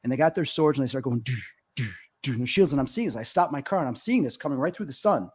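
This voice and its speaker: This fifties-aged psychic medium, guesting on a podcast interview, talks very fast in a mid-range voice that is slightly mellow with a breathy edge. His storytelling is expressive, earnest and emotional, packed with filler words.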